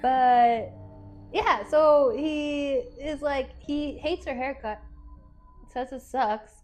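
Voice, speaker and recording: Animated woman co-hosting a casual film chat. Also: high voice, very slow, soft background music, poor audio. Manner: animated retelling, acting out characters' lines. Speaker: podcast co-host.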